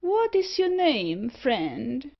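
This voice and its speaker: A woman voicing a sour-looking gentleman who speaks curtly and briskly. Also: high-pitched, sing-song, creaky, pitched above the performer's own voice, heavily acted. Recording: slightly dull audio.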